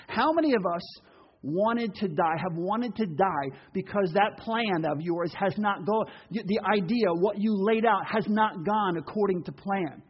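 High-voiced animated male preacher. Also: normal speed, slightly rough, dull audio. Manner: animated, acts out quoted voices, laughs. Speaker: pastor. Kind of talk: sermon.

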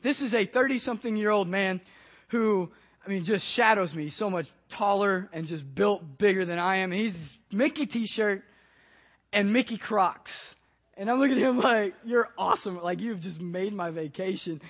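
High-voiced man preaching through a story. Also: moderate pace. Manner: animated, conversational storyteller. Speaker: pastor. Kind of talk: sermon with personal storytelling.

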